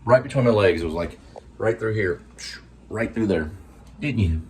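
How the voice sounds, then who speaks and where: Low-voiced man rambling casually at home. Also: expressive, moderate pace, slight background noise. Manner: rambling, easygoing, many "like" fillers; talks while eating. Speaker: vlog host. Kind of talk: casual cooking and pet vlog.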